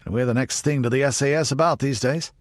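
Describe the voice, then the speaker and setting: A man voicing a big, burly, older ranger, gruff and teasing. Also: medium pitch, quick pace, dry recording, studio quality, pitched above the performer's own voice, lightly acted.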